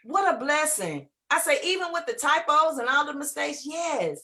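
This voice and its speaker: A woman speaking as an inspirational guest, preachy and repetitive, pausing to hunt for words. Her voice is bright and fairly high. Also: sing-song. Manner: preachy, repetitive, laughs easily, searches for words. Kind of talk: inspirational talk.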